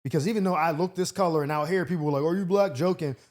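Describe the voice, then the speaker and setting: A young man with a somewhat high voice chats loosely on a podcast. He rambles, circling back and restarting his thoughts. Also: very fast, a little mellow. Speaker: podcast host. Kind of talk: casual podcast chat.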